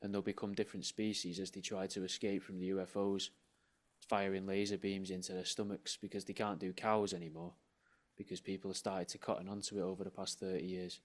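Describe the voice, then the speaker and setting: Deadpan low-voiced man. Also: brisk. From England. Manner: deadpan absurd storytelling. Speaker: podcast co-host. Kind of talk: casual chat.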